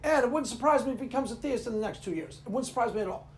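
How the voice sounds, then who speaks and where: A man's voice: very high voice, racing. A man hosting his own video, ranting casually and rambling, often laughing at his own jokes. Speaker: video host.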